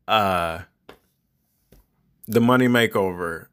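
A man's voice: fairly low pitch, slow pace, fairly bright tone, clean tone. A middle-aged man hosting a podcast, giving rambling, conversational advice to parents in a preachy tone. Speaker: podcast host. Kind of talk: casual monologue podcast.

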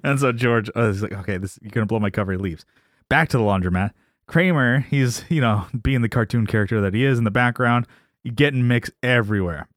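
A man's voice: mid-range voice, a little fast, no room sound, studio quality. A man co-hosting a casual podcast, animatedly recapping a sitcom episode and acting out the characters' lines. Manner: animated retelling with quoted voices and laughs. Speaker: podcast co-host.

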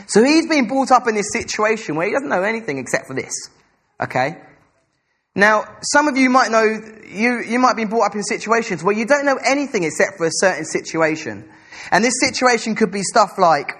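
A young man giving an informal sermon, chatty and self-deprecating, reading scripture slowly and stumbling over names. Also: sits high, big pitch swings, a bit bright. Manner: slow careful scripture reading. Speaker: preacher.

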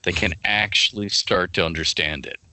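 A man being interviewed as a fantasy game writer, telling stories in an animated way and laughing often. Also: deep voice, moderate pace, no echo. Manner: animated, laughing often, jumps into quoted voices. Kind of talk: casual interview chat with storytelling.

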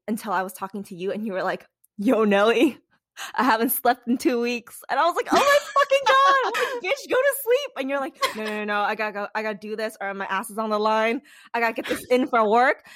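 A young woman co-hosting a podcast in casual chat, swearing freely and acting out quotes with big pitch jumps. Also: a little fast, dry recording, clean studio sound. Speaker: podcast co-host.

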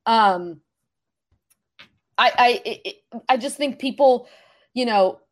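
A woman voice coach chatting on a podcast, animated and demonstrative, laughing often. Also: a little high, takes it slowly. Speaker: voice coach guest. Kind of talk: casual podcast conversation.

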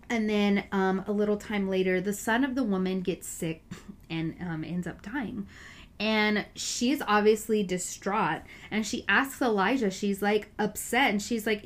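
A woman giving a casual, earnest Bible reflection, chatty and full of filler words. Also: medium pitch. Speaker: Bible study speaker.

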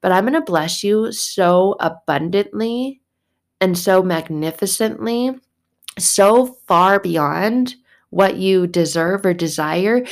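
A young adult woman giving a devotional faith talk, animated, acting out voices in her story. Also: lowish voice. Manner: animated, acts out God's and her own voices.

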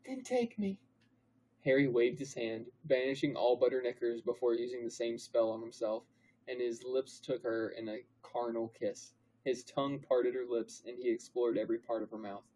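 A young man co-hosting a comedy podcast, reading fan fiction aloud in a deadpan, mock-dramatic way. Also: mid-range voice, low-quality recording. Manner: mock-dramatic, deadpan narration with put-on character voices.

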